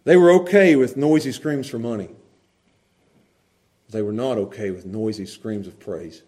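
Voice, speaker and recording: A man preaching a sermon, animated, moving between quiet asides and loud, laughing bursts. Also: fairly low pitch, normal speed. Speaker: pastor.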